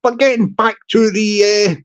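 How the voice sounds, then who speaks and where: A man's voice: sits high, fairly even intonation, normal speed, clear, resonant tone, lo-fi sound. A man hosting a vlog, talking in a rambling, jokey comic monologue with lots of repetition. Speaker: channel host.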